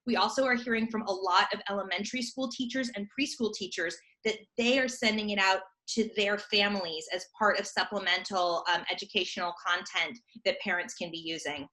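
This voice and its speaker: Bright, chatty woman theater guest. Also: mid-range voice, brisk, few pauses. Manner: chatty and animated, laughing often. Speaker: children's theater company guest. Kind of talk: casual remote interview chat.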